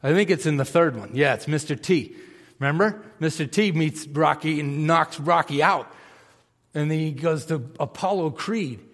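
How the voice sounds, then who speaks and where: A man's voice: fairly high pitch, moderate pace, a bit bright. A man, a pastor, preaching a conversational sermon and asking his congregation questions. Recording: long reverb of a large hall.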